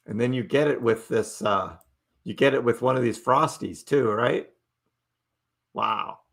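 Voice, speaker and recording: A man's voice: medium pitch, measured pace, gravelly. A middle-aged man hosting a casual live stream, chatting loosely with his viewers, reading their messages aloud and laughing often. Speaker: livestream host.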